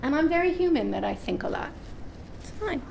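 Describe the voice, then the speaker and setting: A woman's voice: high voice, fairly quick, vocal fry, slight background noise. A woman speaking at a live parenting seminar, telling anecdotes with acted-out voices and often checking in with "right?". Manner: animated storyteller, acts out voices, asks "right?" often. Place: seminar room before an audience.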